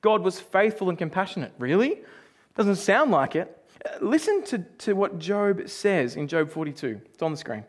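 High-voiced animated man preaching. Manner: animated, acts out quotes with sudden shouts; drops soft and slow for scripture reading. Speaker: pastor. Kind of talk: sermon.

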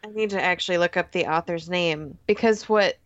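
A woman's voice: fairly low pitch, fairly quick, dry recording, muffled recording. A woman guest on a casual podcast, laughing often and ranting animatedly.

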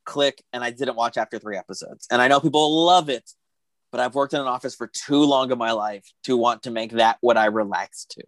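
A man in casual conversation, talking in long animated runs and acting out quoted thoughts. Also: mid-range voice, fairly quick, dry recording. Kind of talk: casual chat about TV shows.

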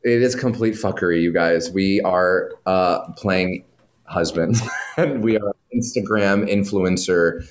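A man, a guest from New York, telling animated stories in casual chat and swearing freely. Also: deep voice. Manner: animated storytelling, heavy swearing, quick asides.

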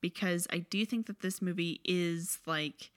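A woman's voice: fairly low pitch, measured pace. Dry-witted woman co-hosting a movie podcast. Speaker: podcast co-host. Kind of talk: casual movie review chat.

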